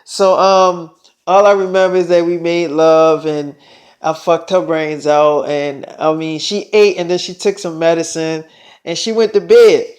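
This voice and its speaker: Young man, high voice, casual rambling storytelling, lots of fillers and cursing. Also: flat delivery, a little slow. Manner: rambling, loose, with many fillers and swearing.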